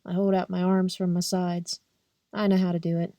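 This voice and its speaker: A young woman reading a novel aloud as an audiobook in a steady, plain first-person narration. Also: lowish voice, normal speed, dry recording, studio quality. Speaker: audiobook reader.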